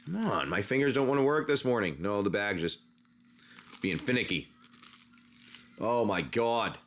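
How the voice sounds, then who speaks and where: A man's voice: fairly low pitch, expressive, normal speed, fairly bright tone, slight background noise. Chatty man hosting a card-pack livestream. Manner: rambling, chatty, talks while handling cards. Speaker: livestream host opening card packs. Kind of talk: casual livestream chat and improvised story narration.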